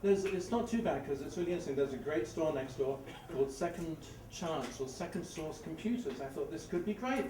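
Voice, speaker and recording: A middle-aged man with an English accent tells an animated story at a live story slam, growing louder as it builds. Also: on the high side, fairly quick, hardly any pauses. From England. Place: live event venue before an audience. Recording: roomy, distant, noisy live room.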